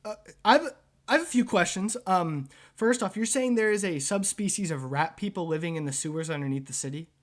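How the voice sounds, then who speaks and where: A man's voice: high-pitched, animated, brisk. A man narrating and running a tabletop game as game master, in a casual way with frequent fillers and swearing.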